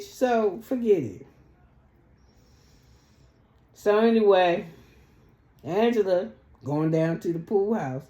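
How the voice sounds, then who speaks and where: A woman's voice: mid-range voice, moderate pace, dark tone. A woman recapping a reality show in blunt, sassy, profane casual chat. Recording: echoey room.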